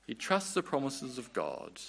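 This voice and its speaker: A man's voice: mid-range voice, wildly swooping pitch, a little slow, gravelly, a bit bright, husky. A man preaching a sermon in an earnest, conversational way, often restarting his phrases.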